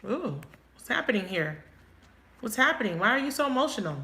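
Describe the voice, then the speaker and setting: A woman giving a live tarot reading, thinking aloud and asking quick, emotive questions. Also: fairly high pitch, very animated, bright, forceful tone. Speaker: tarot reader. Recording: echoey room, faint noise.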